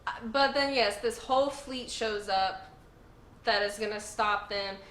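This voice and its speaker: Excitable woman recapping in an echoey room. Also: medium pitch, unhurried. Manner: gushing, animated, emphatic repetition. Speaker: host. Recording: echoey room with faint noise.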